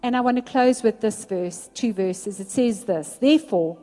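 A woman preaching a sermon in an earnest way, slowing down to stress key words. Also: mid-range voice, dark tone, soft background music. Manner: earnest, slows down for emphasis.

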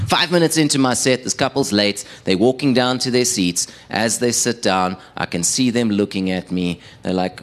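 Low-voiced young South African man, self-deprecating stand-up, loose and chatty with the room. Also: fairly quick, hardly any pauses. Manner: self-deprecating, conversational with the audience. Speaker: stand-up comedian and radio producer. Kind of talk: stand-up comedy set. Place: live stage performance.

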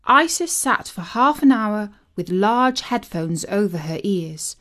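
A woman narrating a storybook in a measured, gently wry manner. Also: medium pitch, lively intonation. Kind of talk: storybook reading.

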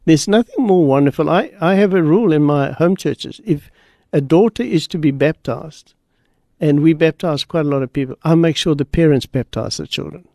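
Gravelly-voiced man preaching on radio. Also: on the high side, mellow, no room sound, clean studio sound. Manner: earnest, story-driven, slow and emphatic. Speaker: guest pastor.

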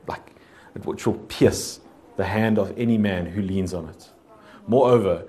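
A man preaching in a relaxed, hesitant way, reading scripture aloud with many fillers and restarts. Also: fairly low pitch, slight background noise. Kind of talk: casual sermon with scripture reading.

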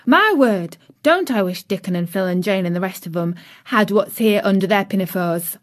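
A woman's voice: mid-range voice, expressive, moderate pace, natural voice. A woman voicing a cheerful, chatty young serving girl, homely and outspoken.

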